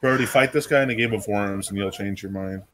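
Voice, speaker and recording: A man bickering excitably with friends while playing a game. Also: on the low side, a little fast, slight background noise. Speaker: gaming friend. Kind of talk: casual gaming banter.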